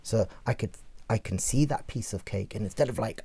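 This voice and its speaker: A rabbi with a strong English accent teaching in a podcast discussion, animated and acting out everyday scenes. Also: male voice, on the low side, a little fast, creaky, slightly rough. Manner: animated, acts out scenarios in character voices.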